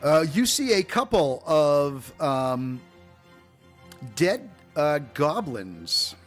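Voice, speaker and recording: A man's voice: on the high side, very animated, extremely slow, faint music behind. Rambling, laughing male game master. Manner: rambling, laughing storyteller with many fillers. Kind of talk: casual chat and game narration.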